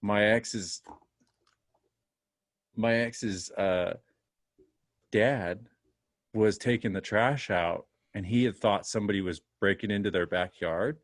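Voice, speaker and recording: A man's voice: fairly low pitch, takes it slowly, long pauses, dry recording. A man co-hosting a casual podcast, rambling through stories with lots of fillers. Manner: rambling storyteller, chatty fillers. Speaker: podcast co-host. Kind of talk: casual chat.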